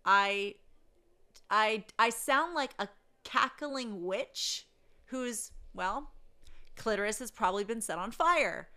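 A woman telling a story in a casual rant, blunt and profane, swinging between loud outbursts and low asides. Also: animated, slow pace.

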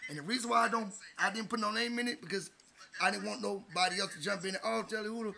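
A man's voice: high voice, fast talker, gravelly, background noise. A man in his forties, a co-host in casual chat, telling stories in a laid-back, slangy way. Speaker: podcast co-host.

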